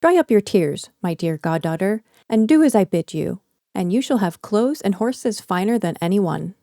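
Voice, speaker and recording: Woman voicing a croaking old fairy godmother. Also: mid-range voice, expressive, moderate pace, dark tone, no echo, clean studio sound, lightly acted. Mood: kindly.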